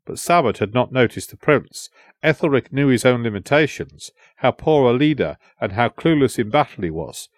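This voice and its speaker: A man reading a historical adventure novel aloud in a measured storytelling voice. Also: medium pitch, animated, no echo, clean studio sound. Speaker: audiobook narrator. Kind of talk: storytelling narration.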